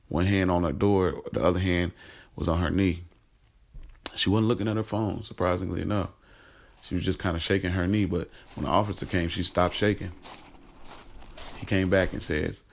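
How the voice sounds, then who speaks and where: A man's voice: sits low, gravelly. A man narrating his own story in the first person, in a casual, streetwise and profane way. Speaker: narrator and creator.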